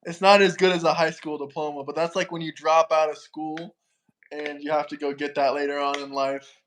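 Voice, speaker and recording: A man's voice: on the high side, little pitch movement, a little fast, slight background noise. A man from Florida hosting a livestream, easygoing and urging the chat to send in questions. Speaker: livestream host.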